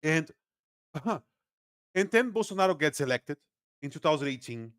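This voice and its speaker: A man from Brazil with a Brazilian accent, a native Portuguese speaker, talking as a guest political analyst in a casual podcast interview, animated and quick to laugh, often restarting his sentences. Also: fairly high pitch, no echo.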